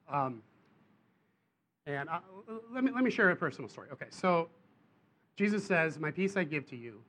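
A man preaches, his voice sitting a little higher than most. He tells his story in an animated way, pushing up into emphatic bursts. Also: normal speed, pauses often. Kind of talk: sermon.

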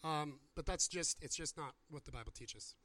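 Animated higher-voiced man preaching. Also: normal speed. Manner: animated, acts out quoted voices. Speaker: pastor. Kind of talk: sermon with Q&A.

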